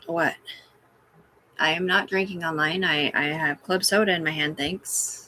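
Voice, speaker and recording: A woman's voice: sits low, fairly even intonation, a little slow, bright, forceful tone. A woman rambling and swearing casually on a live stream from her room, talking back to her chat. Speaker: livestreamer.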